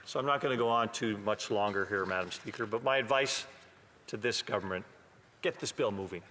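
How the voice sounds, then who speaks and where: A man's voice: fairly low pitch, fairly quick, a bit bright, slight background noise. A man, a member of parliament from Canada, giving a pointed, sometimes sarcastic speech in a legislative chamber. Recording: long hall reverb.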